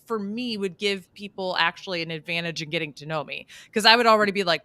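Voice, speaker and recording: A woman's voice: on the low side, quick pace, bright, forceful tone, no echo. A woman co-hosting a casual recap podcast, talking animatedly and acting out quotes in little voices. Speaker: podcast co-host.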